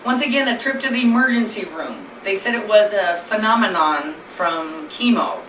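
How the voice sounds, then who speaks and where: A woman's voice: medium pitch, normal speed, a bit bright. A woman telling her husband's illness story in an earnest, plainly spoken way, speaking from a distance in a noisy, echoey room. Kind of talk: personal storytelling presentation.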